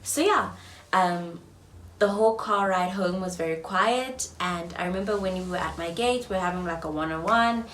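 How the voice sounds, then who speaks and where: A young South African woman in her twenties telling a storytime vlog, swinging between loud outbursts and hushed whispers. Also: lowish voice, normal speed, slight background noise. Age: 20s. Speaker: vlogger. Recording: roomy echo, mic at a distance, faint ambience.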